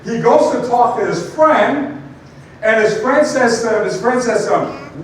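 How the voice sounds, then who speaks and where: A man's voice: very high-pitched, a little slow. Man speaking in an echoey hall. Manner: storytelling, animated, many asides like "right?". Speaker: motivational speaker. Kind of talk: live talk to an audience. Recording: echoey hall from far off, noisy.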